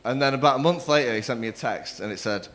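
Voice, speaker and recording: A young man doing a crude, cheeky stand-up set on a comedy club stage, acting out other people in quick quoted voices. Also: mid-range voice, a bit bright. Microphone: stage microphone.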